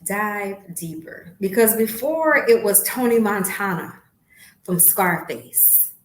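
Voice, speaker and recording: A woman's voice: lively intonation, slow pace, slight background noise. Blunt, profane woman in her fifties. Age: 50s. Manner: blunt, profane, swings from low asides to loud outbursts. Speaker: podcast host. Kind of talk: candid monologue. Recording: roomy echo.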